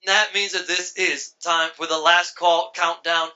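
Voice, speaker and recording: A man's voice: high voice, flat delivery, a little slow, few pauses, bright, forceful tone, highs cut off, faint music behind. A man hosting a talk show in a bar, introducing a segment in a casual, chatty way. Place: bar with a live audience.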